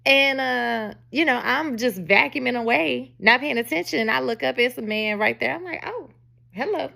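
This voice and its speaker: A woman's voice: on the high side, normal speed, vocal fry, pushed and bright. A woman in her forties, a podcast host chatting in a casual storytelling monologue, emphatic and often laughing. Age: 40s.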